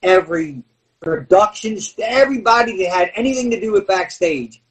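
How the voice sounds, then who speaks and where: A man, a former pro wrestler, telling stories on a podcast in an animated way, laughing and acting out scenes. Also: sits high, normal speed. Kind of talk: podcast storytelling. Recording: voice a bit far from the mic.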